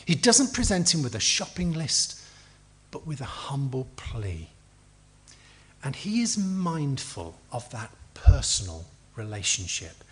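A middle-aged man from England preaching a sermon, telling stories with acted quotes and dry humor. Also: mid-range voice.

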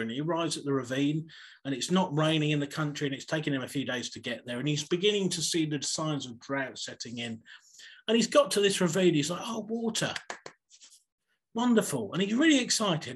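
A man preaching a sermon over a video call, telling stories in a husky voice and acting them out. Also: mid-range voice. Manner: animated, acts out stories.

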